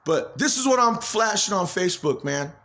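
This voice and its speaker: A man's voice: sits high, expressive, normal speed, pushed and bright. A man talking straight into a phone camera in a rambling personal monologue, agitated, swearing freely and repeating himself. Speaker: vlogger.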